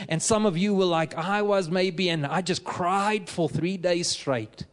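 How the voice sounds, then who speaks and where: A man preaching, his voice pitched notably high for a man. He delivers an emphatic sermon that swells into fervent exhortation. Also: normal speed.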